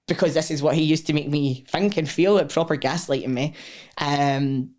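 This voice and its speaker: A woman's voice: sits low, a little fast. Frank Scottish woman telling her story. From Scotland. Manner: frank and expressive, swears freely, acts out quotes. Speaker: guest, powerlifter. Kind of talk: candid personal storytelling.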